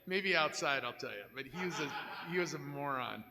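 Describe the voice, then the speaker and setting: A man's voice: on the high side, animated, moderate pace, vocal fry, in a large hall, background noise. An older man on a live convention panel, telling candid, joking anecdotes.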